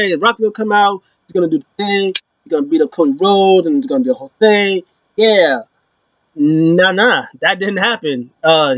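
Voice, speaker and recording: Animated young man reviewing wrestling. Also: no room sound. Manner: animated, slangy, acts out wrestlers in pitched-up voices. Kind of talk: casual opinion vlog.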